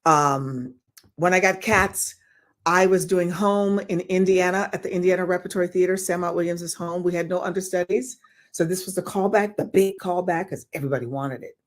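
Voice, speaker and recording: An older woman telling stories as an interview guest, animated and swearing freely as she acts out the people involved. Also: on the low side, normal speed. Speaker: guest actress. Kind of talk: storytelling in an interview.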